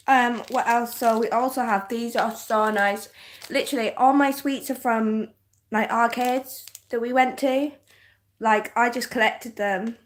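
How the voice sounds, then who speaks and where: Young English woman, softened northern accent, casual livestream chat, giggly, lots of fillers, slightly high voice. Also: fairly even intonation, slow pace, long pauses, a little hiss or hum. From northern England. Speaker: livestream host.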